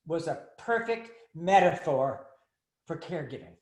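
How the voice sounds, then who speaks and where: A man's voice: fairly high pitch, normal speed, echoey room. An older man from Texas, a speaker and author on caregiving, telling humorous stories and acting out the voices of the people in them. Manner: animated, acts out voices in his anecdotes. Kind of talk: humorous storytelling talk.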